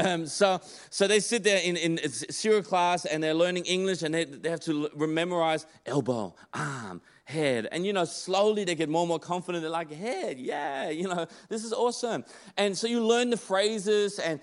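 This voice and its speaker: A man preaching a sermon in an emphatic, conversational way, often restarting his phrases. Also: on the high side.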